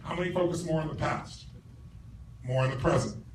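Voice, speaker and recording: Profane, forceful man speaking on a stage. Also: on the high side, fairly quick. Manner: forceful, profane, asks the crowd questions. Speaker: motivational speaker. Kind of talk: live seminar speech to a large audience. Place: large hall with a live audience. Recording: roomy stage recording from far off, noisy.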